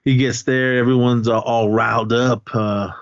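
A man's voice: mid-range voice, little pitch movement, moderate pace, no room sound, highs cut off. A man hosting a podcast, casually recapping a film in a rambling way, with lots of restarts and fillers. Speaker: podcast host.

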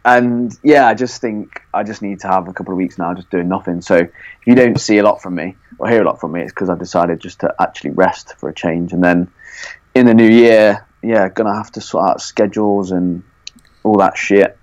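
A man's voice: low voice, fairly quick, a little mellow, dry recording, lo-fi sound. A man, chatting casually as a podcast co-host, teasing his friend and swearing freely. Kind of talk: casual chat.

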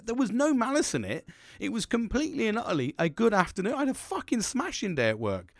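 A young man telling a work story in a casual, animated way, swearing constantly and laughing as he goes. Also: high voice, quick pace, vocal fry, dry recording.

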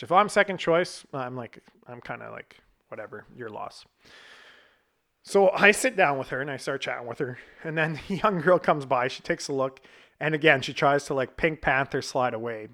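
A man's voice: fairly high pitch, a bit bright. A man in his thirties telling a personal story in a casual, blunt way, swearing freely and chuckling at himself. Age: 30s. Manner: blunt and profane, laughing at himself.

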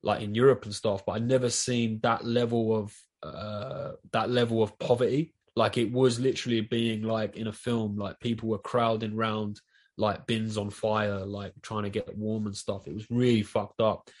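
A man's voice: fairly low pitch, level tone, moderate pace, darkish tone. A man with a South East London accent, chatting loosely on a podcast and swearing a lot as he rambles. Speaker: podcast guest. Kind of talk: casual chat.

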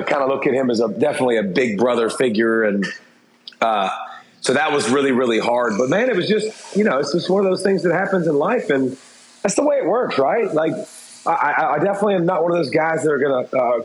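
Brief: middle-aged male interview guest, candid and rambling, mid pitch, echoey room. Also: lively intonation, fast. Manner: candid, rambling, frequent restarts and fillers. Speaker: interview guest, former TV football analyst. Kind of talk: casual interview talk. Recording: roomy echo.

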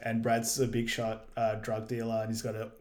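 A man co-hosting a casual movie recap podcast, retelling scenes in a loose, relaxed way with many fillers. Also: lowish voice, moderate pace. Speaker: podcast co-host.

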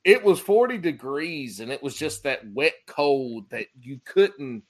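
A man hosting a casual chat, telling stories in an animated, joking way and swearing freely. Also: fairly high pitch, unhurried. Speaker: podcast host.

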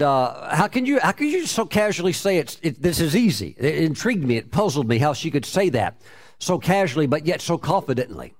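A man telling a personal testimony in a conversational way, with many fillers and restarts. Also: fairly high pitch.

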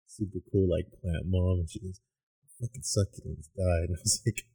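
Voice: low voice, fairly even intonation, moderate pace, gravelly, dark tone, husky. A laid-back co-host in casual chat, saying "dude" and swearing offhandedly.

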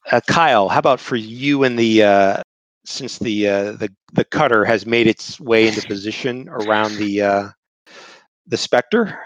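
A man narrating a tabletop game as game master, talking haltingly with many restarts while he describes the scene. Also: fairly low pitch, dry recording, poor audio.

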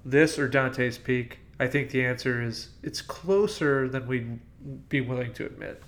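A man's voice: mid-range voice, measured pace, crowd noise. A man hosting a casual movie podcast, ranting bluntly about film clichés. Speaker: podcast host. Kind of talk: casual movie-review chat.

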